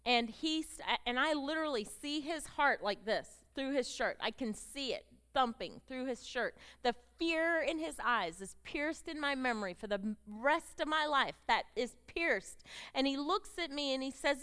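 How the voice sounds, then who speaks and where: A middle-aged woman telling her story as a sermon to a group of women, moving from hushed storytelling to fervent, emotional exclamations. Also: high-pitched, animated, moderate pace. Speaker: speaker at a women's gathering. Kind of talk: testimony sermon.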